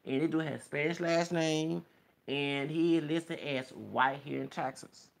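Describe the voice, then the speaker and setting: A man's voice: a little high, measured pace, gravelly, faint music behind. A man delivering a heated, rambling vlog rant to camera, pressing each point home with a repeated "okay?". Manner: insistent, repeatedly tags sentences with "okay?". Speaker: video blogger. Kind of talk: heated ranting monologue. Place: Texas.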